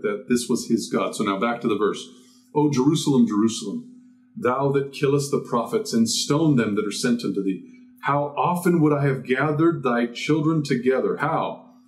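A man's voice: mid-range voice, a little mellow. A man giving an expository Bible teaching, emphatic, asking rhetorical questions and answering them himself. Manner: emphatic, asks and answers his own questions.

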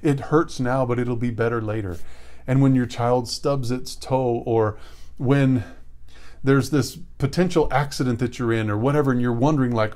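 A man delivers a sermon in an earnest, storytelling manner, his voice sitting at an ordinary middle pitch. He leans on rhetorical questions and dramatic pauses to draw listeners in. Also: a little mellow. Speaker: preacher.

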